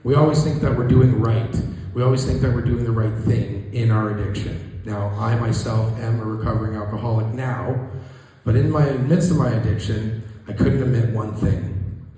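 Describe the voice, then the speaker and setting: A man in his thirties doing a stand-up comedy set in a small room, talking in a halting, self-deprecating way with many restarts. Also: on the low side, steady tone, dark tone. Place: small room with a live audience. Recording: echoey room recording. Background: audience laughter.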